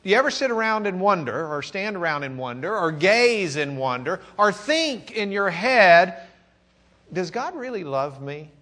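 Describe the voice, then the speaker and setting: A man from Texas with a Texan accent, teaching a church class as a sermon, who swings from loud questioning to quiet confiding, with joking asides and repeated restarts. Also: high-pitched, big pitch swings, moderate pace, hardly any pauses. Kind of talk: sermon lesson.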